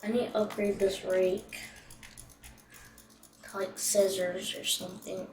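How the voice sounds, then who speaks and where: Slow-talking woman in an echoey room. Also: mid-range voice, flat delivery, darkish tone. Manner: thinks aloud, hesitant and rambling. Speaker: gaming channel host. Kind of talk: casual gameplay commentary. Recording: echoey room, distant mic, faint noise.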